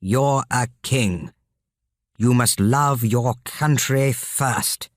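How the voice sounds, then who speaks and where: A man's voice: mid-range voice, very slow, no room sound, clean studio sound. A man voicing a stern older queen mother in a storybook reading, speaking in a scolding tone.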